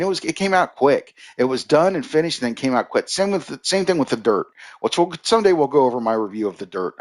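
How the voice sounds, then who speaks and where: A man giving a casual, rambling movie review on a live stream, full of fillers and restarts, stopping to answer viewers in the chat. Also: medium pitch.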